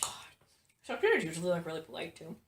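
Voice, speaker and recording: A woman's voice: lowish voice, big pitch swings, quick pace. A young woman chatting casually with a friend, swearing a lot and often breaking into laughter. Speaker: podcast co-host. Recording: echoey room with faint noise.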